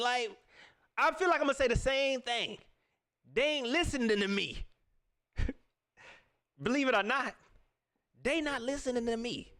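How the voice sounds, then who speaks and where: A man hosting a casual sports talk livestream, ranting at viewers in an animated way and laughing often. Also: very high-pitched, measured pace, pauses often. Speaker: sports talk show host.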